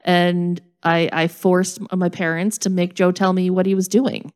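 A woman's voice: lowish voice, flat delivery, normal speed, darkish tone, smooth. Woman telling a self-mocking story. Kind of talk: casual storytelling chat.

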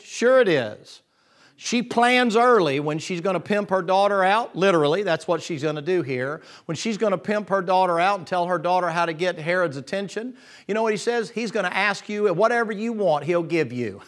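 A man preaching a lively sermon in a folksy, joking way, acting out the people in his story. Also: high-pitched, normal speed. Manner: folksy and joking, acts out voices of figures.

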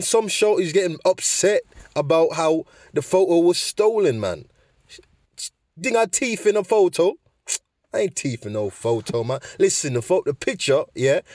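A man's voice: fairly high pitch, a little mellow, no room sound, clean studio sound, voice pushed up. A man playing a heated, slangy guy. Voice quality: exclaiming, slangy, repeats "man" and "mate". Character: angry young man in a comedy skit, heated. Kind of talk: comedy skit.

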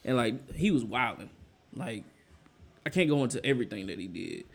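A young man in casual chat, an animated storyteller who laughs often. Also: mid-range voice, normal speed, creaky.

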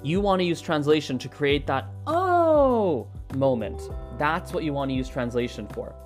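An animated language-learning host explains a study method in a relaxed, conversational lesson, with a voice sitting in a middle pitch. The talk keeps slipping into little acted-out learner dialogues, with words repeated mid-thought. Faint music plays softly behind the voice. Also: a little fast.

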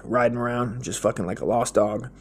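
A man with a gravelly, fry-tinged voice at an ordinary middle pitch, talking through a crude comic monologue. He rambles loosely and keeps dropping in "dude" and "man". His tone is blunt, slangy and joking throughout. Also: fairly even intonation, fairly quick, a little hiss or hum. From United States. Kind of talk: profane comedic monologue.

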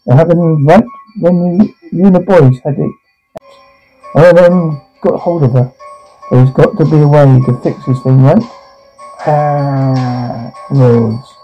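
A man performing a one-man audio drama, reading every part and the sound cues aloud, shouting and pleading in turns. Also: a little high, creaky, lo-fi sound.

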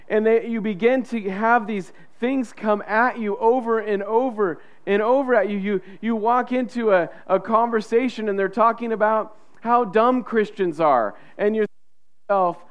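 A man preaching from the pulpit with a high, bright voice. His tone is smooth and clear. He talks to the congregation in a chatty way and slips into quoted voices to act out what people think. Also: normal speed, muffled recording. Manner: conversational, acts out quoted inner voices. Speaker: pastor. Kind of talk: sermon.

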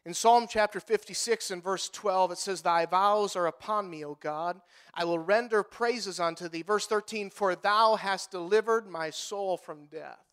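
A man preaching as a pastor, swinging between hushed lines and loud, pleading outbursts, with emphatic repeated phrasing. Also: high-pitched, unhurried, clear, resonant tone. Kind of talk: preaching a sermon.

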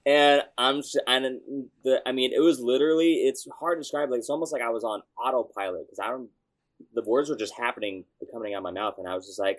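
A young man, a youth pastor, telling a story in a casual interview, animated and excitable, with bursts of shouting. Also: medium pitch, fast.

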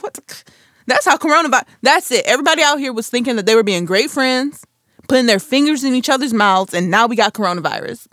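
A woman's voice: on the high side, expressive, quick pace, a bit bright, dry recording, studio quality. A woman in her twenties hosting a solo podcast, chatting casually and playfully with self-mocking asides. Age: 20s. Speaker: podcast host.

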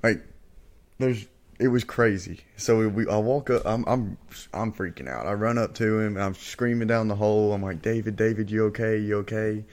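A man's voice: fairly low pitch, normal speed. Young man eagerly retelling a story. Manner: eager retelling, acts out quoted lines. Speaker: podcast co-host. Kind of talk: casual storytelling chat.

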